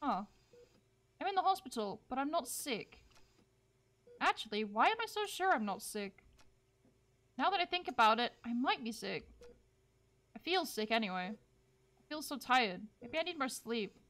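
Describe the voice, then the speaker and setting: A woman's voice: fairly high pitch, big pitch swings, normal speed, long pauses, a bit bright. A woman reading the lines of a confused young hospital patient with no memory, in a bewildered, questioning way, from a visual novel.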